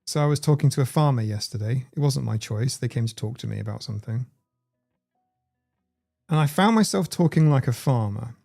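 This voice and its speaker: A man's voice: mid-range voice, animated, a little fast, vocal fry, mellow, faint music behind. A man hosting a casual livestream, rambling, swearing freely and reading the chat aloud. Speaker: livestream host.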